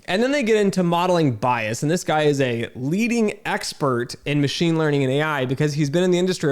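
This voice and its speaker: A man ranting in a frustrated, emphatic way, repeating himself with fillers and restarts. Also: a little high. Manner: irritated and incredulous. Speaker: video host. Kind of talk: frustrated talking-head rant.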